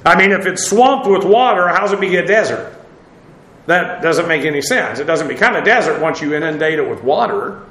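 A man's voice: fairly high pitch, lively intonation, moderate pace, sharp tone, echoey room, rough recording. A man giving an informal Bible study, talking in a rambling, conversational way with many fillers and restarts. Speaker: Bible teacher.

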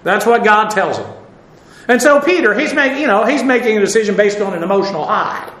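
High-voiced man preaching a folksy sermon. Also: animated, fairly quick, a bit bright, roomy sound, poor audio. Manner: conversational, folksy, with frequent "uh" and asides.

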